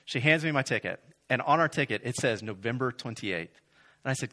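A young man from Florida tells a comic story to an audience. His voice sits at a middle pitch but swings up sharply when he plays his own outraged replies. He acts out each person in the story as he goes. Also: brisk. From Florida, USA. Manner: animated, acts out both sides of a conversation. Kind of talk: stand-up storytelling.

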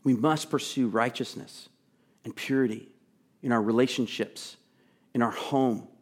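A man preaching a sermon, earnest and emphatic, chatting with asides and sometimes dropping to a soft, pleading voice. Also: medium pitch, fairly even intonation, a little slow. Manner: drops to a soft, intimate tone to plead. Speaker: pastor.

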